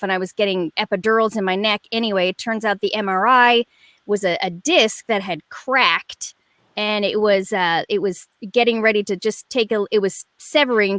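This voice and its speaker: A woman in her forties, a guest performer telling a story in a rambling, animated way with lots of fillers over a video call. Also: mid-range voice, dry recording. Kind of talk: casual chat.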